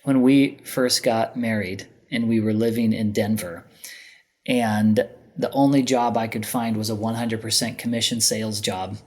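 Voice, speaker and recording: Animated man telling a story. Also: lowish voice, normal speed. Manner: animated storyteller who acts out other people's lines. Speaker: podcast guest. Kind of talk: candid storytelling in casual conversation.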